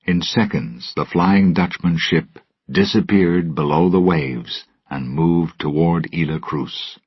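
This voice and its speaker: Storybook narrator: man, deep and raspy, slow and deliberate, dry lo-fi sound. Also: no room sound. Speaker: storybook reader. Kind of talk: graded-reader story narration for English learners. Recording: dull lo-fi recording.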